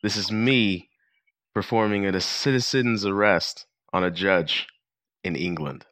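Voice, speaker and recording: A man's voice: low voice, a little slow, a bit bright, dry recording. An American man hosting a podcast, chatting in a playful, teasing way. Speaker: podcast host. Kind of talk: casual chat.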